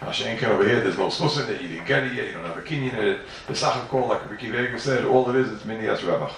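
A lowish, gravelly voice with a fairly bright tone delivers a rapid-fire Talmud lecture in yeshiva fashion. The teacher asks many questions and repeats phrases in an emphatic, sing-song style. A little hiss or hum, roomy echo, and far-off mic placement mark the recording.

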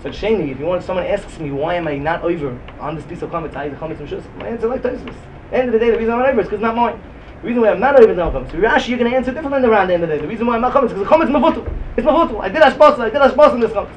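High, fast-talking yeshiva lecturer. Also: male voice, dull audio. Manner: animated, sing-song talmudic cadence. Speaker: Talmud teacher. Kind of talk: yeshiva-style Talmud lecture. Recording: distant mic, faint room noise.

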